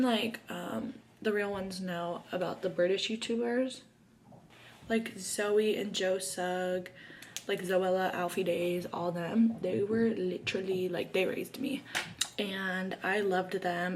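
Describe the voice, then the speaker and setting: A bubbly young woman in her early twenties talks to camera while doing her makeup, her sentences full of "like." Her voice sits at an ordinary mid pitch, and the faint hiss behind her never quite fades. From Arizona, USA. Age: early 20s. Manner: chatty and bubbly, heavy use of "like" fillers. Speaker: YouTuber. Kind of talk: casual get-to-know-me chat while doing makeup.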